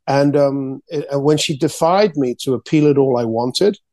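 A man, an artist and author, telling his story as an interview guest, excitedly repeating words and acting out quotes. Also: medium pitch, normal speed, no echo.

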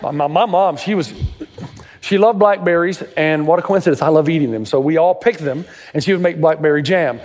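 A middle-aged pastor from Tennessee preaching a sermon and telling stories dramatically, his voice jumping up high when he acts out what others said. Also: brisk, darkish tone, long reverb tail. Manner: dramatic storytelling, pitch leaping up in quoted voices.

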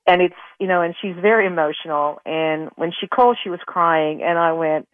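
A woman's voice: lowish voice, moderate pace, dry recording. Middle-aged aussie woman, phone-line sound, rambly storytelling, restarts a lot. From Australia. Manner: rambling with many restarts, emotional. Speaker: guest, retired pro golfer. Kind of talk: casual storytelling in an interview. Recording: tinny dry phone line.

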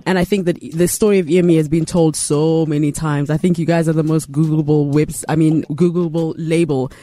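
Man hosting an interview, fairly high voice but soft and mellow, encouraging. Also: flat delivery, a little fast. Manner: warm, encouraging questioner. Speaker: interview host. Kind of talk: casual interview talk.

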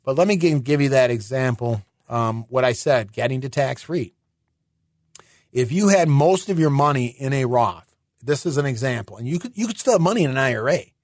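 A man's voice: medium pitch, lively intonation, normal speed, no echo. Chatty male finance radio host, dry sound. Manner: chatty, thinks aloud with restarts and rhetorical questions. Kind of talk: explanatory radio talk.

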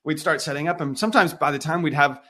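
A man in his thirties, a guest on an interview, telling a story with lively acted-out dialogue. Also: a little high, fast. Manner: animated storyteller acting out quoted dialogue. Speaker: guest, missionary musician.

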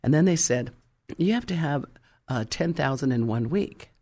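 A woman preacher telling her testimony in a sermon, animated and fervent, acting out the people in her story. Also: sits low, moderate pace. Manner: fervent, exclamatory.

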